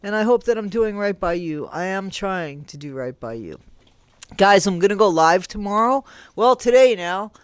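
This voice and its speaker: Casual commentary vlogger, rambling, restarts often, dry close sound, mid pitch. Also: very animated, normal speed, clean tone, no room sound. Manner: talks straight to viewers, incredulous. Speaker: YouTube commentary host.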